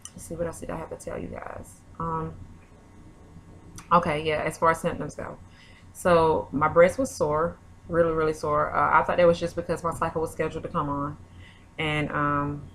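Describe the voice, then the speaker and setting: Young woman rambling to her camera, lots of "like" and "you know", low voice, faint hiss behind. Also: a bit bright. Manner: chatty, rambling, many fillers. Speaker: vlogger. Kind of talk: casual chat.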